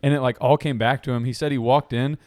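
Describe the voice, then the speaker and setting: A man's voice: medium pitch, steady tone, quick pace, a little mellow, dry recording, studio quality. A man co-hosting a podcast, telling stories in casual chat, laughing often and acting out voices. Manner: acts out voices in anecdotes. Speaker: podcast co-host.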